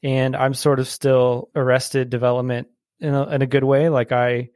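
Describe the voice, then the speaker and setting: In a casual podcast conversation, this thirties-aged guest who works at a brewery spins animated stories, laughing often and padding gaps with "um" and "like". He talks at a normal speed with a medium pitch, in a studio-quality recording free of room sound.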